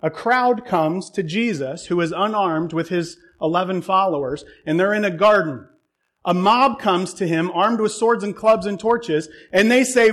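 A man's voice: high-pitched, normal speed, fairly bright tone. A man preaching a sermon, retelling a Bible story with humor and irony.

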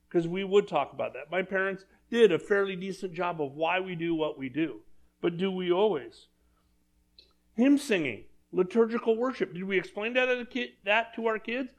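A man preaching a sermon in a church, talking conversationally and asking the congregation questions. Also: sits high. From Southern California. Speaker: pastor.

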